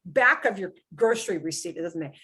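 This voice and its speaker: A woman's voice: fairly low pitch, expressive, fast talker, sharp tone, breathy edge. A woman teaching a beginner Spanish class, explaining patiently and often checking in with "okay?".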